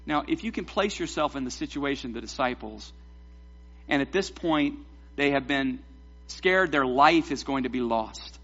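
Animated man preaching a sermon. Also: medium pitch, moderate pace, slightly rough, dull audio. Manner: animated, joking asides to the congregation. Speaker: pastor.

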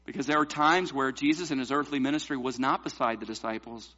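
A man's voice: mid-range voice, fast talker, bright, forceful tone, lo-fi sound. A man preaching a sermon, pressing points home with rhetorical questions to the congregation. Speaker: pastor.

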